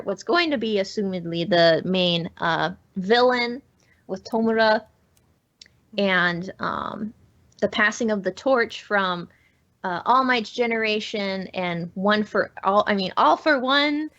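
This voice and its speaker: A woman's voice: medium pitch, a bit bright, highs cut off. A woman guest on a podcast, talking enthusiastically in casual chat. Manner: enthusiastic, upbeat.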